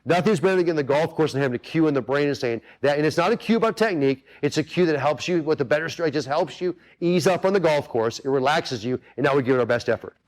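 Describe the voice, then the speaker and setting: A man's voice: on the high side, fast talker, few pauses. A man hosting a golf coaching webinar in a casual, earnest way, often turning straight to his listeners to check they follow him. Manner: earnest, repetitive, talks straight to the audience with many asides.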